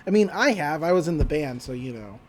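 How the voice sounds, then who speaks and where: Podcast co-host from Texas, mid-pitched, loose and sweary, recapping a cartoon episode. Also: expressive, fairly quick, slight background noise. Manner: rambling, profane, laughs often.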